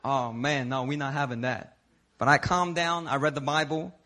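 A male pastor from Philadelphia preaching a sermon in a conversational, animated storytelling way, dropping to a hush and then rising loud. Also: medium pitch, normal speed, slight background noise. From Philadelphia, United States. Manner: animated, conversational, swings from hushed to loud while telling stories. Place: church service.

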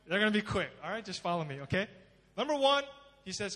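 Male pastor, high voice, dramatic sermon delivery, long hall reverb. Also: big pitch swings, fast. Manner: dramatic, swings from loud emphasis to hushed pleading.

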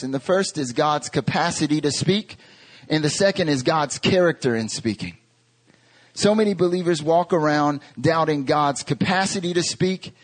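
A man in his thirties from North Carolina, a pastor preaching a sermon with lively storytelling and rhetorical questions. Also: a little high. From North Carolina, USA.

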